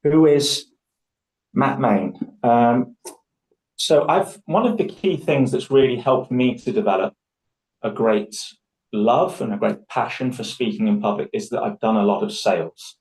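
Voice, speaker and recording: Animated man leading a speaking workshop. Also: mid-range voice, a little slow, rough recording. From Scotland. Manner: animated, acts out voices in anecdotes. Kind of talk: live public speaking workshop.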